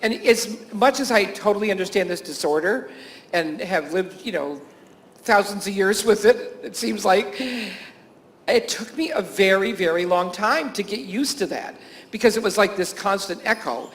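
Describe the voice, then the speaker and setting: This high-pitched, animated man, with a fairly bright tone and normal pace, is a teacher and camp worker presenting at a conference for health professionals. Anecdotes abound, along with frequent chuckling, fillers, and restarts.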